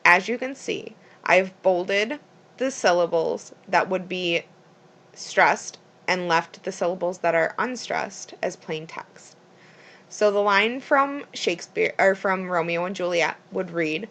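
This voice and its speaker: A woman's voice: fairly low pitch, takes it slowly, a bit bright. A woman reading a prepared school presentation plainly from her notes, with small slips and restarts.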